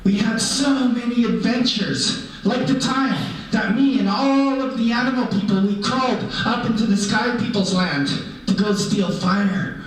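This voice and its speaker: A man's voice: very high-pitched, a little slow, few pauses. A man playing a cheerful animal-person storyteller, telling tales in a playful, humorous way. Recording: echoey hall from far off.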